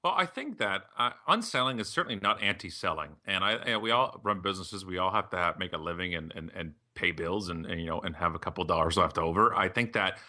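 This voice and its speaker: A man's voice: low voice, fast, hardly any pauses. A middle-aged man, a podcast guest and author, chatting casually and acting out the voices of people in his stories. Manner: animated, acts out quoted voices when telling stories. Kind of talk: casual storytelling conversation.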